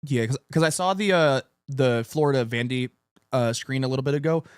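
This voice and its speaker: A man's voice: medium pitch, a little fast, smooth, no room sound, clean studio sound. A man co-hosting a podcast in casual chat, rambling and cursing freely. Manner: rambling, profane, laughing. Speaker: podcast co-host.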